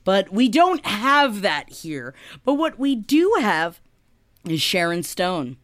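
Brief: lively, swearing female podcast co-host, very dry studio sound. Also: mid-range voice, takes it slowly, no room sound. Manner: swearing, animated, jokey. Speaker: podcast co-host presenting the list. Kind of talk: casual comedic podcast chat.

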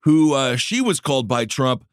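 A man's voice: medium pitch, animated, moderate pace, clear, resonant tone, no echo, clean studio sound. Sarcastic joking podcast host man. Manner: sarcastic, joking, lots of filler words. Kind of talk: comedic political chat.

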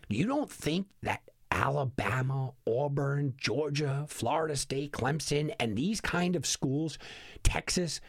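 An exasperated man delivers a sports betting rant, firing off sarcastic rhetorical questions. His voice swings widely in pitch and has a gravelly rasp. The sound is dry and close, with no room echo. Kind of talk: animated sports talk monologue.

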